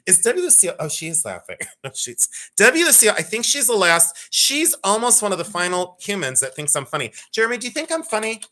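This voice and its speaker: A man with a bright, slightly high voice hosts a live jewelry sale in a loose, chatty way. He jokes, teases and laughs easily. He rambles a little as he greets viewers by name. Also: very animated, a little fast. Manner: playful, joking, laughs often, teasing. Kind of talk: casual live-stream selling chat.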